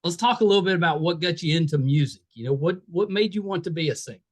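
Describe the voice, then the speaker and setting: A man's voice: fairly high pitch, expressive, fast. A man with a West Virginia accent hosting a podcast interview, friendly and self-deprecating. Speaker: podcast host. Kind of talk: casual interview chat.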